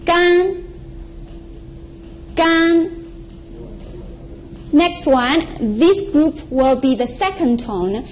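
High-voiced woman teaching slowly. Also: darkish tone, slight background noise, low-quality recording. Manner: repeats each sound slowly and clearly for practice. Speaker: Chinese language teacher. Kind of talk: slow, patient language lesson. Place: TV studio.

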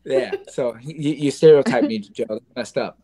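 A man, a guest contestant, teasing the host in quick, joking banter. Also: mid-range voice. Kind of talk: casual banter. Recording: crowd noise behind.

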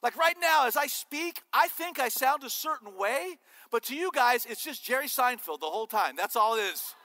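High, bright-voiced joking preacher in hall. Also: male voice, moderate pace. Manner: animated and joking. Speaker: pastor. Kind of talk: sermon. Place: church sanctuary.

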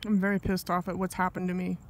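An angry man delivers a rambling solo vlog monologue in a high voice. He keeps breaking off into asides and restarting his sentences. A faint hiss of noise sits under him. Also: monotone, quick pace. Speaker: vlogger.

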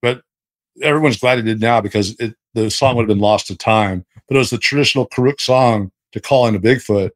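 A man as a podcast guest telling a story casually, animated and rambling with many restarts. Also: lowish voice, fairly quick, no room sound.

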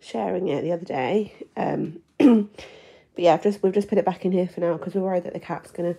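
A young woman chatting casually at home in a vlog, with lots of ums and the odd soft whisper. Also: on the low side, brisk, creaky, husky. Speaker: vlogger. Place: home, indoors.

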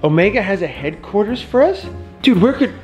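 Playful dad talking to his kids, bounces all over in pitch, music playing underneath. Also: brisk. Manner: playful, excitable, talks to kids. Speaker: dad hosting a family toy channel. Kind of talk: casual family vlog chat.

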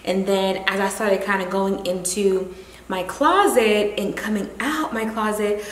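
A woman chatting casually on her home decor vlog, giddy and drawn-out in her emphasis. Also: medium pitch, steady tone, reverberant. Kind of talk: casual chat. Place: home living room, indoors.

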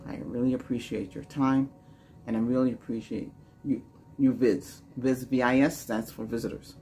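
A man hosting a Reiki healing session, chanting slow, soft repeated lines and then rambling in loose, chatty talk. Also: mid-range voice, fairly even intonation, a little hiss or hum. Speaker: Reiki healer and channel host.

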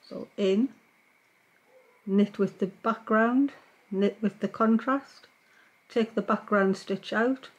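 Calm woman teaching knitting step by step. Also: medium pitch, low-quality recording. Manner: calm, patient, talks while working. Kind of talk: step-by-step craft tutorial.

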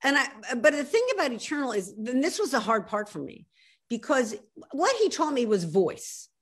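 A woman in her sixties from South Philadelphia, with a Philadelphia accent, talking as a guest author in an animated, emphatic way on a video call. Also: sits high, slightly rough. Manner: animated, emphatic, quick to laugh at herself. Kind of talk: casual interview chat.

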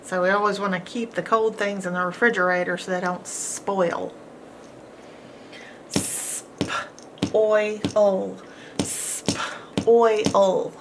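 In this phonics lesson, a woman with a steady, lowish voice speaks over background noise. She takes it slow and deliberate, patiently sounding out words and repeating each with encouragement.

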